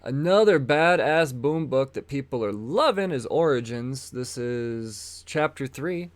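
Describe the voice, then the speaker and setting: A man's voice: mid-range voice, expressive, a little slow, no room sound. A man hosting a comic book podcast, talking casually and with enthusiasm, rambling and often repeating his words as he goes. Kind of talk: casual solo talk showing comics.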